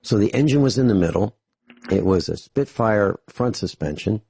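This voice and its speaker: A man's voice: lowish voice, animated, moderate pace, dark tone, husky, no echo. A man hosting a talk radio show, telling rambling, anecdotal stories with dry humor into a studio microphone.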